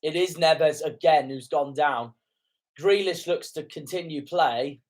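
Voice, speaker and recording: A young man calls a football match live in a fan reaction commentary, his voice sitting a touch higher than most men's. He grows indignant and swears at calls he thinks are wrong. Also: unhurried.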